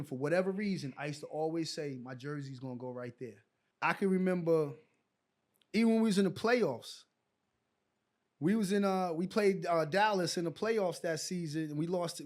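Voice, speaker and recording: A man's voice: fairly high pitch, moderate pace. A middle-aged man telling stories in a casual interview, acting out the exchanges he recalls. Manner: animated storyteller who acts out quoted exchanges. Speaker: guest, former pro basketball player.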